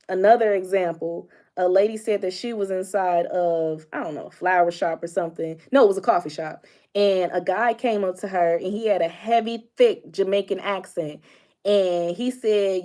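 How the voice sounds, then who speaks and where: A bubbly young woman talks straight to her viewers in a casual vlog chat about relationships. She is animated and expressive, laughing often as she goes. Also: medium pitch. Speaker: vlogger giving relationship advice. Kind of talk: casual direct-to-camera chat.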